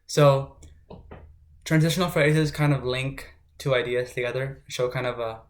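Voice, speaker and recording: Unhurried and fairly even in intonation, a medium-pitched male tutor explains grammar for test prep. He talks it through in a relaxed way, peppering his explanation with "right?" check-ins.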